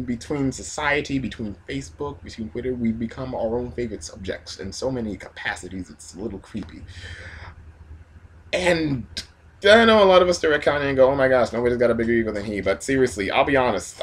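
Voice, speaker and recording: A man's voice: medium pitch, a bit bright, husky. A man rambling through a self-deprecating comic vlog monologue full of jokey asides. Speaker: vlogger.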